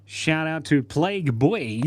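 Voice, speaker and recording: A man's voice: a little high, lively intonation, slow, no echo. Playful man chatting while drawing. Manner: playful, chatty, often laughing; reads viewer comments aloud. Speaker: livestream host. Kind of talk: casual live-stream chat while drawing.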